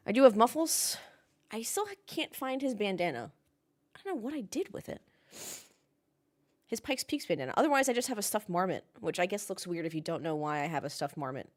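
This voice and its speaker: A woman's voice: medium pitch, big pitch swings, fairly quick, a little mellow. A young woman casually chatting on a livestream, reading chat comments and ranting with the odd swear word. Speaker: livestream host watching a race with chat. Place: home, in Melbourne.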